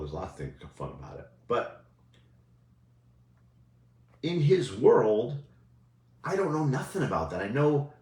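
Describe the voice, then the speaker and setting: Animated low-voiced man in a roomy space. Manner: conversational, keeps asking "right?". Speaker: coach. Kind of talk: casual motivational talk. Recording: roomy echo.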